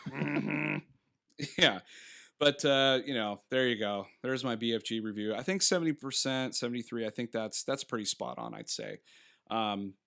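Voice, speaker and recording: Co-hosting a podcast, a man in his thirties rambles casually through a film review, laughing often and slipping into quick impressions and acted-out characters. His mid-range voice is gravelly, bright and forceful.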